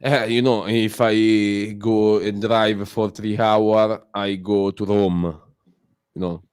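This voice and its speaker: Italian-accented man, non-native English, low and unhurried, clear dry sound. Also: little pitch movement, a little mellow, dry recording. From Italy. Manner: halting, many fillers and restarts. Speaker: guest caller on a community stream. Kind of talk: casual chat.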